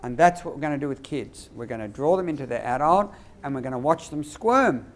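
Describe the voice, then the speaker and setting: A man teaching behaviour management to teachers, acting out classroom dialogues in a lively way. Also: mid-range voice, fairly quick, slight background noise. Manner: lively, demonstrative, acts out dialogues. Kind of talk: teacher training workshop.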